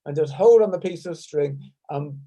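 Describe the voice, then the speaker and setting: A man's voice: a little high, normal speed, warm tone, lo-fi sound. A man with a British accent leading a laughter yoga session over a video call at his desk, talking in a playful, chatty way and breaking into bursts of laughter. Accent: British English. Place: at a desk at home. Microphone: desk microphone.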